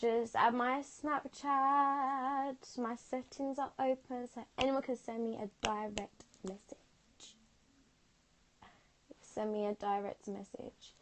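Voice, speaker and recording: A young woman chatting casually on a phone livestream, replying to comments in a laid-back, drawn-out way. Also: on the high side, fairly even intonation, fairly bright tone, slight background noise.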